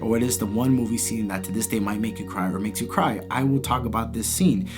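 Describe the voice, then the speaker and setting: A man in his thirties hosting his channel, retelling a film scene in an expressive, animated way with frequent restarts. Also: on the low side, fast, over music. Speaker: YouTube host. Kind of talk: casual movie commentary.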